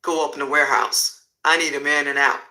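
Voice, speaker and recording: A flashy male crime boss gives easy, offhand orders, voiced by a man. His tone is bright and sharp, pitched a little high. He sounds fully in control. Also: level tone, a little fast, rough recording. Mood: confident.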